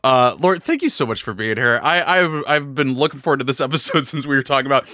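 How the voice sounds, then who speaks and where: A man hosting a casual tabletop-game podcast, animated and laughing often, talking into a close podcast mic. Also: medium pitch, fast talker, no room sound. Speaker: podcast host.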